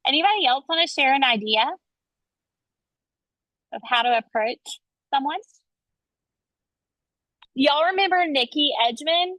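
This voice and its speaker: A woman's voice: sits high, measured pace, pauses often, bright, forceful tone, dry recording. A woman leading her sales team on a video call, chatty and enthusiastic as she coaches. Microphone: video call, webcam. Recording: dull lo-fi call audio, dry.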